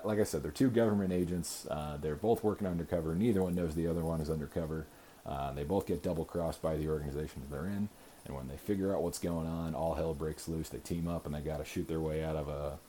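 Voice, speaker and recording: A man in his thirties hosts a podcast and talks through a movie review off the cuff. His voice sits low and dark, and he fills his sentences with "uh" and restarts. A faint hiss runs under the recording. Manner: rambling, frequent "uh" fillers and self-repeats. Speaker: podcast host. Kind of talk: casual movie review monologue.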